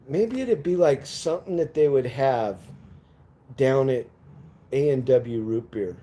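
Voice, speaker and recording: A man's voice: mid-range voice, dark tone. A man chatting casually with viewers on a live stream from home, rambling, laughing and cursing as he goes.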